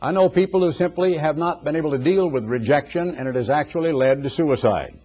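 Older male preacher, husky voice, earnest sermon delivery with repeated emphatic phrasing. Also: fairly high pitch, brisk, warm tone.

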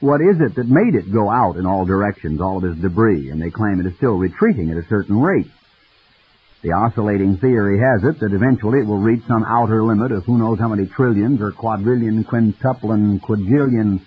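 A man preaching a radio sermon in a folksy, storytelling manner, with a husky voice. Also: on the low side. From United States. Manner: folksy storytelling, mimics voices in quoted dialogue. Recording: dull lo-fi radio broadcast.

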